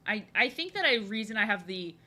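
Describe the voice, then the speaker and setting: Drawing live on stream, a young woman keeps up a fairly quick, overexcited stream of chatter, frequently saying things twice. She has a mid-range, youthful voice that listeners compare to an excited little boy's.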